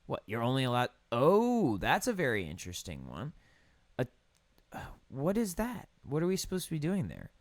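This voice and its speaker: A young man casually commentating over a building game, riffing deadpan puns on place names. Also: medium pitch, moderate pace, no room sound. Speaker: gaming streamer.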